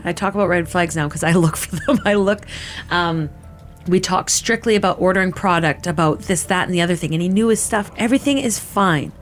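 A woman in her thirties giving a candid personal account in halting, casual speech full of "like" fillers and restarts. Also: lowish voice, soft background music. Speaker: interviewee recounting her experience.

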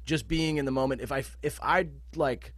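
Casting: male musician guest, animated, swears freely, easygoing video-call chat. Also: mid-range voice, normal speed, no echo. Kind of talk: casual podcast chat.

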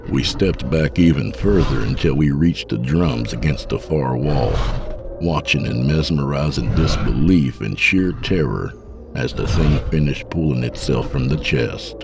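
A man narrating a first-person horror story in a measured, descriptive way. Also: very deep voice, creaky, music in the background.

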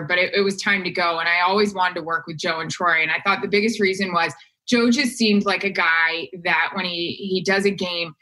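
Woman sportscaster chatting on a podcast, lowish voice, bright punchy tone, acts out the quotes. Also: rough recording. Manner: animated storyteller acting out quotes. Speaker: guest sportscaster. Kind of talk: casual podcast chat.

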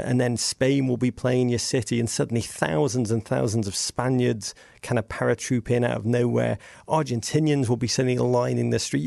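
A man talks as a podcast guest, spinning wry, meandering anecdotes with sarcastic asides. His voice sits mid-range and is thick with gravelly fry. The sound is close and dry. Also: medium pitch, a little mellow, no echo. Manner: witty, digressive storytelling with sarcastic asides. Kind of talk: casual podcast conversation.

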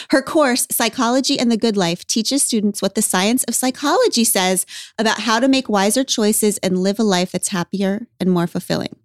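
A woman's voice: medium pitch, moderate pace, no room sound, studio quality. A woman hosting a podcast in casual chat, wry and emphatic, laughing often. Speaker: podcast host.

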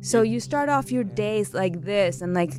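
Woman guest, intimacy coach, earnest and animated, conversational. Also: medium pitch, unhurried, faint music behind. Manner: earnest, expressive, animated storytelling. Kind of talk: casual interview chat.

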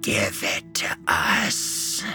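Man doing a hissing raspy attic creature. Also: low-pitched, steady tone, very slow, music in the background. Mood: menacing.

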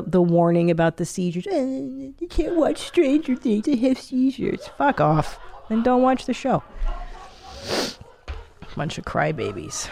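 Blunt, animated woman podcast host. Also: fairly low pitch, gravelly. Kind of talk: casual chat.

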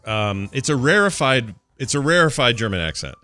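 A man's voice: mid-range voice, big pitch swings, moderate pace, pushed and bright, soft background music. A man co-hosting a podcast, chatting casually and animatedly and laughing often. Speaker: podcast co-host. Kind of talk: casual chat.

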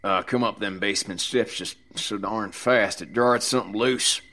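A man voicing a heavyset, crude middle-aged man who jokes roughly and swears freely. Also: lowish voice, normal speed, pushed and bright, pitched above the performer's own voice. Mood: sheepish joking. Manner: joking, rough, profane.

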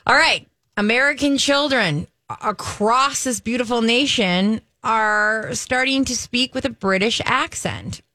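A woman's voice: a little high, unhurried, bright, forceful tone, no room sound. A woman co-hosting a casual radio show, playful and teasing as she runs segments. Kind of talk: casual morning radio chat.

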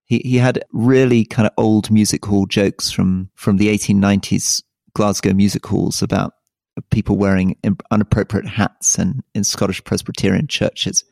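A middle-aged man with a low, gravelly voice co-hosts a political podcast. The sound is dry and close, with no room around it. He explains at length and thoughtfully, adding soft asides as he goes. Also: little pitch movement, normal speed, dry recording. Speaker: podcast co-host.

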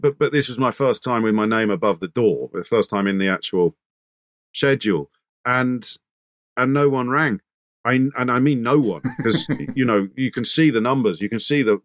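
Man, radio presenter, interview guest, animated storytelling, frequent restarts, mid pitch, dry close sound. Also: no echo. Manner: animated anecdotal, restarts often.

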